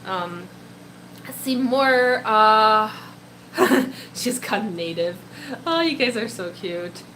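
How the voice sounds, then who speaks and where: Her voice is medium-pitched, animated, a bit bright, and very slow. She is a young Polish woman and native speaker hosting a casual live stream, reading viewer comments, giggling, and baby-talking to her pet, with slight background noise on a low-quality recording.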